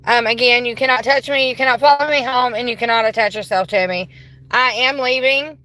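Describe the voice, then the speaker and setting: Woman streaming a ghost hunt from her car phone, bright and a bit high, polite then gushing. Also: a little fast, no echo, poor audio. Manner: polite to spirits, bursts of excited squealing. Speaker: paranormal livestreamer. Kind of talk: livestream ghost investigation. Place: inside a car.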